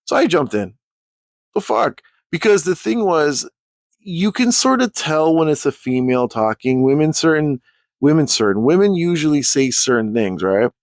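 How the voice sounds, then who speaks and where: A man's voice: fairly high pitch, normal speed, no room sound. Profane ranting man, dry sound. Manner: profane, animated, rambling. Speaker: YouTuber. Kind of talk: casual storytime rant.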